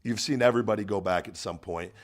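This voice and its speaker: Deep-voiced man in halting podcast talk. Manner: earnest, halting, many restarts. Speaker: podcast host. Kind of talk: casual podcast chat.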